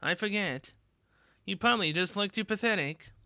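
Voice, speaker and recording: A woman voicing a gruff, blunt teen girl fighter. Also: mid-range voice, animated, moderate pace, sharp tone, dry recording, clean studio sound. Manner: blunt and crude, casual swearing.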